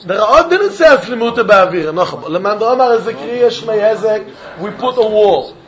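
A man giving an animated Talmud lecture, acting out both sides of a dispute in the first person. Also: high voice, moderate pace, highs cut off. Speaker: Talmud teacher.

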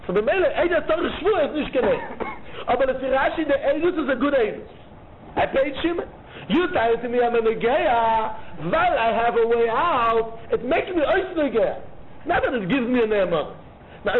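Man, Talmud lecture, very high voice, tinny phone-like sound. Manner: animated, argues both sides of the case, repeats key phrases. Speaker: Talmud teacher. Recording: tinny phone-like line with faint noise.

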